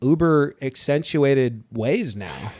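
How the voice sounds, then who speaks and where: A man's voice: mid-range voice, lively intonation, takes it slowly, darkish tone, no echo, studio quality. A man on a podcast, a therapist talking casually and animatedly, slipping into voices of people he quotes and swearing now and then. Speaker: therapist guest.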